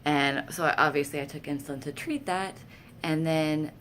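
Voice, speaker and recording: A woman's voice: sits low, moderate pace, a little hiss or hum. A woman vlogger telling candid, self-deprecating personal stories in a casual way. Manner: candid, self-deprecating, animated when quoting herself. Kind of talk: casual storytelling to camera.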